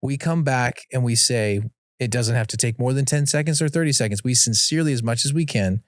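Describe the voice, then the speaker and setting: A man's voice: medium pitch, a little fast, dry recording, studio quality. A man who is a guest on a podcast and a father of four, giving earnest, casual advice and acting out the things he says at home. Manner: earnest, acts out his own quoted lines.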